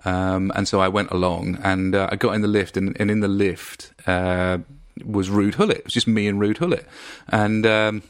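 A man's voice: lowish voice, little pitch movement, normal speed, clear, resonant tone, no room sound, studio quality. A man co-hosting a podcast, chatty and full of asides as he tells stories. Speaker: podcast co-host. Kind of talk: casual chat, storytelling.

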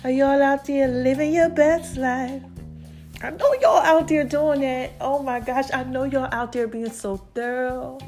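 A woman hosting her own podcast, talking to listeners in a chatty, affectionate, drawn-out way with lots of asides. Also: sits high, a little mellow. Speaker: podcast host. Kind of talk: casual podcast monologue.

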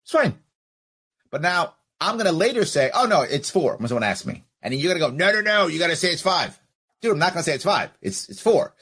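A podcast host talks through listener comments, arguing his point with pointed rhetorical questions. His voice is a little husky and sits slightly high for a man. His pitch swings widely as he acts out both sides of an exchange. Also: fairly bright tone.

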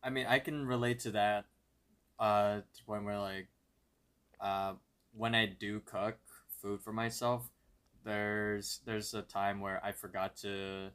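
Podcast guy, kinda low voice, rambles and restarts a lot. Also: level tone, slow, fairly bright tone, clean tone. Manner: rambling, hesitant, full of restarts. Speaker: podcast co-host. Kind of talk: casual chat.

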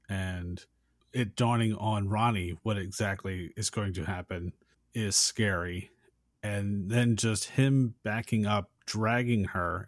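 A man's voice: lowish voice, no room sound, clean studio sound. A man co-hosting a podcast, chatting casually and acting out his own reactions to a film. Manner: casual, reacts by voicing his own thoughts, speeds up when excited. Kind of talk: casual chat.

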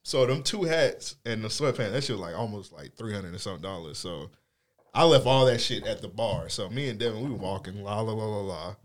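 A man's voice: fairly low pitch, animated, brisk. A man casually telling a story among friends, laid-back and slangy, often laughing.

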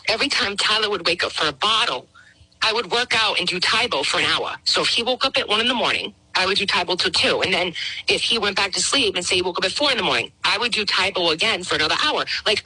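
A middle-aged woman guest sharing a personal story, emotional and halting, acting out quotes. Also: mid-range voice, lively intonation, pushed and bright, slightly rough, low-quality recording. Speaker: guest caller. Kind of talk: personal testimony.

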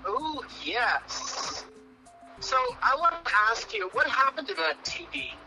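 A woman's voice: high voice, sing-song, slow, sharp tone, faint music behind, low-quality recording. A woman co-hosting a casual chat, asking quizzical, teasing questions.

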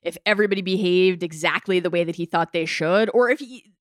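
A woman's voice: on the low side, fairly quick, no room sound, studio quality. A woman co-hosting a podcast in casual chat, talking enthusiastically and rambling with many "like"s. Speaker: podcast co-host.

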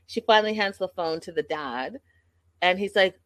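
A woman's voice: medium pitch, moderate pace, fairly bright tone, dry recording. A woman hosting a livestream, gossiping casually and speaking straight to her viewers. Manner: chatty, gossipy, addresses the audience directly. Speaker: livestream host. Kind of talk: casual recap chat.

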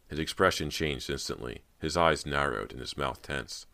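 A man narrating a horror audiobook in a measured, steady reading. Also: extremely low pitch, vocal fry.

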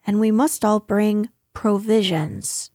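A woman's voice: medium pitch, slow pace, a little mellow, no echo, clean studio sound. A woman voicing a cheerful, slightly bossy young boy leading his friends. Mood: confident.

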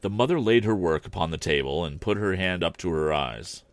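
A man narrating a classic story aloud in an expressive, deliberate reading style. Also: low-pitched, dry recording. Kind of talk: audiobook narration.

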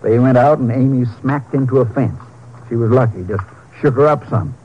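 An actor playing a folksy, easygoing small-town sheriff, in 1940s radio acting on a dull old broadcast. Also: male voice, medium pitch, normal speed, slight background noise, natural voice. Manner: drawling, folksy.

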